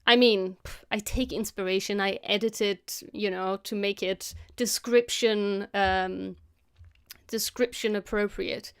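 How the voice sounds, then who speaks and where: A woman's voice: medium pitch, fairly even intonation, a little slow, clear, resonant tone. A woman from Germany with a German accent mixed with British English, thinking aloud in a casual live stream as she edits, hesitant and full of self-corrections. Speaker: motion designer and video editor live-streaming her work. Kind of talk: casual live-stream narration while editing.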